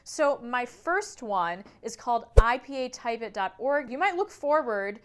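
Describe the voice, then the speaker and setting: A woman's voice: a little high, expressive, measured pace, fairly bright tone, clean tone. A woman singing teacher explaining phonetics in a video lesson, demonstrating sounds aloud in an upbeat way.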